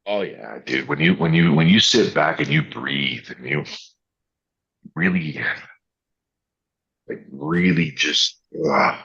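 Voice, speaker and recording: Very deep gravelly man, rambling. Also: slow, pauses often, fairly bright tone, muffled recording. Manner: rambling storyteller, restarts, acts out quotes. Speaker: podcast co-host. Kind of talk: casual early-morning chat.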